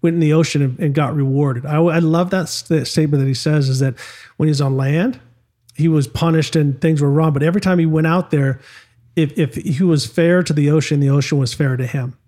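A man's voice: on the high side, steady tone, brisk, warm tone. A middle-aged man, a former motocross champion, telling stories casually in an interview, with frequent restarts and acted quotes. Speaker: podcast guest, former motocross and off-road truck champion.

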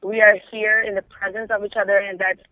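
A man with a high voice calls in over a tinny telephone line to tell a long personal story. He talks a little fast with a flat delivery, rambling casually and using "like" in nearly every phrase, and there's no room sound.

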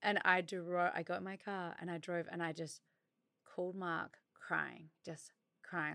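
A woman's voice: lowish voice, little pitch movement, unhurried, vocal fry, pushed and bright, no room sound. A woman co-hosting a podcast in casual chat, speaking in an earnest, emotional and sympathetic way. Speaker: podcast co-host.

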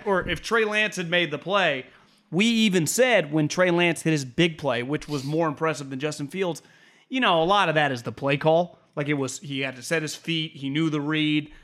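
A man's voice: a little high, normal speed, a bit bright. A man co-hosting a sports podcast, talking football in a rambling, opinionated way and laughing often. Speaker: podcast co-host. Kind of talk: casual sports podcast chat.

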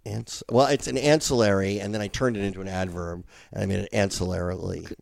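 A man's voice: fairly low pitch, fairly quick, vocal fry. A man co-hosting a comedy podcast, congested from a cold, rambling in casual chat and poking fun at himself. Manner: rambling, self-deprecating, animated storyteller. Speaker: podcast co-host.

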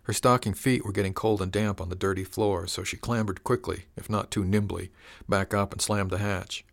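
Low-voiced guy reading a story aloud, calm and measured. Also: gravelly. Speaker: audiobook narrator. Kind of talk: scripted story narration.

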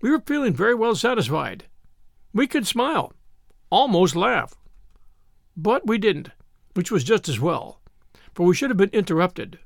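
A man narrating a classic novel in a high, gravelly voice, with lively, varied intonation. The storytelling is measured, and the sound is dry and close. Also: no room sound. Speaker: audiobook narrator. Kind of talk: scripted narration.

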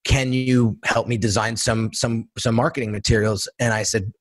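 A middle-aged man telling his life story in a casual interview, animated, acting out quotes and often repeating words. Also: medium pitch, moderate pace, no room sound. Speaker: guest entrepreneur and designer.

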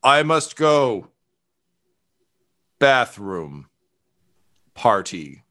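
A man's voice: mid-range voice, expressive, a little slow, bright, forceful tone. A man voicing a nervous, fawning male trade official who rambles and stammers. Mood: panicked.

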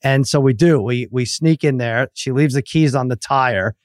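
A man's voice: medium pitch, moderate pace, no room sound, studio quality. A middle-aged man, a regular on the podcast, telling prank stories with lots of laughter in casual chat. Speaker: podcast regular, comedy writer.

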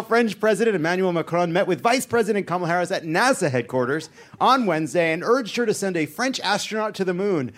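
A man anchoring a satirical comedy news segment, delivering jokes deadpan and breaking into asides. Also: a little high.

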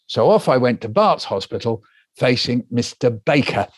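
A man's voice: medium pitch, expressive, normal speed, dry recording. An older man, a guest author, telling a story in an interview and acting out the voices of the people in it.

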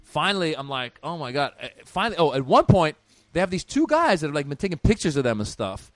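A man telling a comedy story in casual chat, animated, swearing and acting out quotes loudly. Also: on the high side, fast, no echo. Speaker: comedian podcast host.

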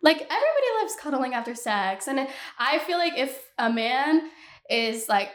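A woman's voice: fairly high pitch, sing-song, normal speed, roomy sound. A woman in her twenties hosting a podcast alone, ranting candidly in casual talk and swearing freely. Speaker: podcast host. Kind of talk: casual solo podcast rant.

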